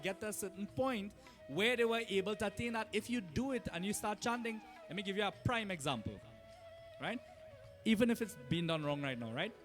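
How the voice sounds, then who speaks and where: A Trinidadian man, a Hindu pundit, giving a sermon in a temple and teaching in a chatty way, often asking "right?" and laughing. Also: high voice. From Trinidad and Tobago. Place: temple hall.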